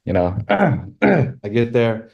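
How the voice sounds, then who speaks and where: A man who is a podcast guest, telling stories casually and animatedly, leaping up in pitch when he quotes himself. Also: sing-song, very slow, vocal fry, darkish tone, lo-fi sound. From California. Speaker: guest, rodeo filmmaker. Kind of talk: casual storytelling.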